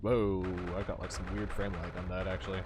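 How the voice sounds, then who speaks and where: A man's voice: deep voice, little pitch movement, a little fast, background noise. A man streaming a game, making casual, swearing, self-mocking asides.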